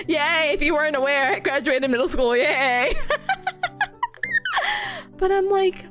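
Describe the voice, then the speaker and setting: A woman's voice: sits high, takes it slowly, music in the background. A young woman VTuber chatting casually with her stream chat, bubbly and giggly, rambling between topics.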